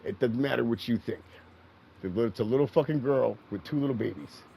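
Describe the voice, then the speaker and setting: A middle-aged man with a gravelly, creaky voice chats casually while playing a game, swearing freely and circling back over the same points. His voice sits at an ordinary pitch, with a faint hiss of noise behind it. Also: a little fast, warm tone, low-quality recording. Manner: profane, rambling, repeats himself. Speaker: gaming streamer. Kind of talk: casual storytelling while gaming.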